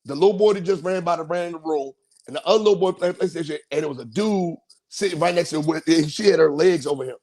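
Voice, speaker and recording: A man's voice: fairly high pitch, quick pace. A man hosting a podcast, telling a story in a casual, slangy way and acting out quotes. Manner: animated, slangy, acts out quotes in a raised voice. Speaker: podcast host.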